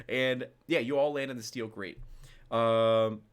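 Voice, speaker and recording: A man's voice: medium pitch, fairly even intonation, slow pace, clear, resonant tone. A man narrating as game master, describing scenes loosely with many fillers.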